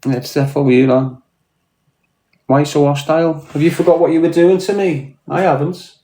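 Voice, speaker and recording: Here a live streamer from Liverpool, England, speaks in a slightly high, dark voice at normal speed with a steady tone. Tired in the head after hours of broadcasting, he rants and curses bluntly in his Scouse accent. There's a roomy echo on the audio.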